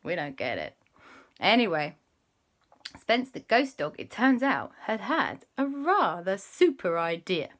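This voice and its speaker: A woman improvising a playful children's story as host, jumping into little voices for each character. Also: measured pace. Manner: animated, voices characters with big pitch jumps. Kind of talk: improvised bedtime-style storytelling.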